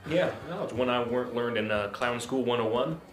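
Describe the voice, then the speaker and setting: A man's voice: mid-range voice, brisk. A man playing in a tabletop game, talking in an offhand, joking way. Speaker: player. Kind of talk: tabletop role-play. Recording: roomy echo. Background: faint music.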